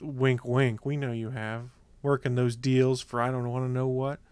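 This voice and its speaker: Upbeat, teasing podcast host, smooth resonant voice. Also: male voice, mid-range voice, flat delivery, normal speed, darkish tone, no echo. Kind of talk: casual banter.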